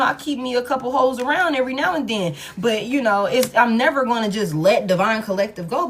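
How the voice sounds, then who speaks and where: A woman's voice: a little high, lightly acted. A woman voicing a smug, two-timing lover who keeps their options open, talking in a boastful, swaggering, casual way.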